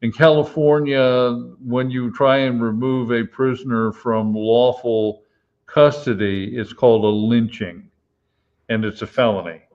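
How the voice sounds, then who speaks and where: A man tells an old police story at an unhurried pace, stopping often to gather his words. The audio is dull and lo-fi, like a live stream. His pitch sits at an ordinary middle level for a man. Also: steady tone. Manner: slow, halting anecdote with many fillers. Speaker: retired police officer, co-host.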